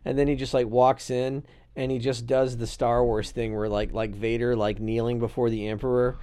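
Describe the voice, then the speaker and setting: A man's voice: medium pitch, level tone, moderate pace, mellow, smooth. A man in his thirties in casual political chat as a podcast co-host, joking and rambling. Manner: jokey, rambling, acts out silly scenarios.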